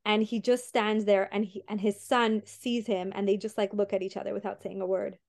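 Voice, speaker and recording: A woman's voice: medium pitch, flat delivery, fairly quick, creaky, darkish tone. A young woman hosting a podcast, retelling a story in a rambling way with many fillers and restarts. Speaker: podcast host.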